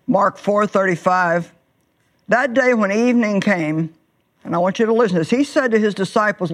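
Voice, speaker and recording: A woman preaching a sermon, telling stories emphatically and stretching words for effect. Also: mid-range voice. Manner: emphatic storytelling with drawn-out words and sudden swells.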